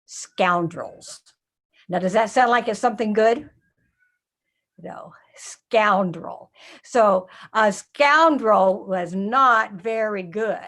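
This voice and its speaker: An older woman telling a Bible story to children in a lively way, often asking them questions. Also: medium pitch, slow. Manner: animated, asks children questions.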